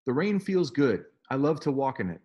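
A man's voice: mid-range voice, very animated, moderate pace, darkish tone, breathy edge, muffled recording. A man reading a novel aloud and voicing a curious, dreamy teenage girl who speaks eagerly and asks question after question. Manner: eager, wondering, full of questions.

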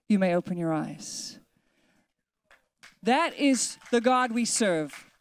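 A woman pastor preaching a sermon in a church, emphatic, building repeated declarations and slowing down to give words weight. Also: mid-range voice, animated, clear, resonant tone, no echo, studio quality.

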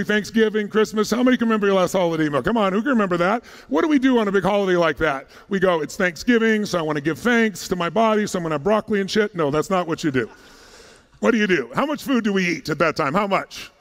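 High-voiced man firing questions from a stage. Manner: punchy, fires rapid questions at the crowd; casual, jokey, a little profane. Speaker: motivational speaker. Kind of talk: energetic stage talk to a live audience. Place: large conference hall. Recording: long hall reverb.

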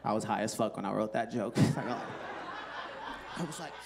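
A man's voice: fairly low pitch, unhurried, gravelly, heavy background noise. A man in his thirties doing a stand-up comedy set on a club stage into a handheld mic, loose and profane, chatting with the crowd and laughing at his own jokes. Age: 30s. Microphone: handheld microphone.

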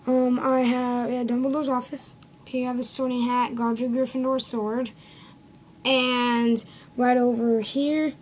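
This woman's voice is a little high with a darkish tone as she rambles through a casual show-and-tell of a toy set, correcting herself often and adding "okay?" to her lines. She films on a phone camera indoors at home, and the poor audio has a faint hiss or hum.

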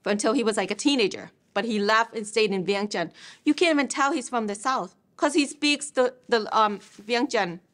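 A woman's voice: a little high, moderate pace, a bit bright. Chatty Lao-woman. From Laos. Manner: chatty, with many "you know"s and "like"s. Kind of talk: casual chat.

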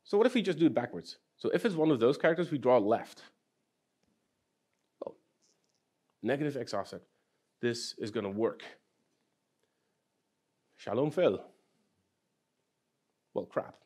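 A man's voice: medium pitch, darkish tone. Dry-humored man giving a tech talk. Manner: dry, self-deprecating humor, asks audience questions. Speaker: conference speaker. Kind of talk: technical conference talk. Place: conference hall.

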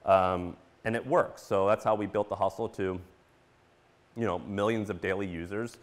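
A man in his thirties speaks casually from a conference stage, slipping in plenty of fillers. His voice sits a little low, and it jumps up in pitch and loudness when he acts out his own surprised reactions. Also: normal speed. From Missouri. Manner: animated, storytelling with quoted reactions and filler words.

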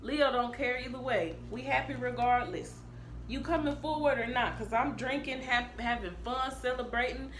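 Woman tarot reader, brash and profane, slightly high voice, faint room hum behind her. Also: normal speed. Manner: blunt, profane, animated. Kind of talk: casual tarot reading. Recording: echoey room with faint ambience.

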